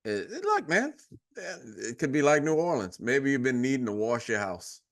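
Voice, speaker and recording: A man co-hosting a podcast in casual chat, laid-back and quick to laugh along with his partner. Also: mid-range voice, very animated. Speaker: podcast co-host.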